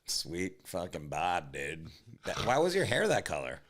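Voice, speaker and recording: Man, very low voice, casual comedy podcast host, rambling, profane. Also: huge pitch swings, a little slow, a bit bright. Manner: rambling, profane, trailing off often.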